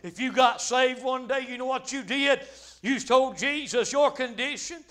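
A man preaching a fervent revival sermon, dropping frequent amens and breaking into shouts. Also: extremely high pitch, moderate pace.

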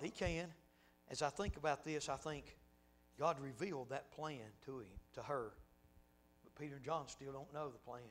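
A man preaching a sermon, swinging from hushed asides to loud, laughing exclamations. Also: high-pitched.

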